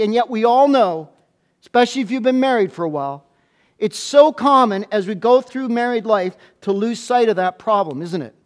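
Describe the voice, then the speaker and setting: In church, a male pastor delivers a sermon to the congregation in a very high voice. His manner is lively and playful, and he often trips into fast restarts.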